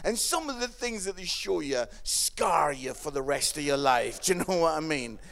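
A man's voice: lively intonation, normal speed, creaky, fairly bright tone. A man preaching a humorous sermon in a chatty way, often asking "yeah?" and acting out what people say. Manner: acts out quoted voices, dropping low for the kids and listeners.

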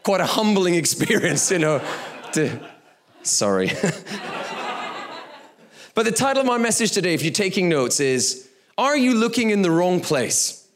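A man's voice: high-pitched, big pitch swings, measured pace, long pauses. A man preaching a sermon, in a conversational, chatty manner with frequent fillers. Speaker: pastor.

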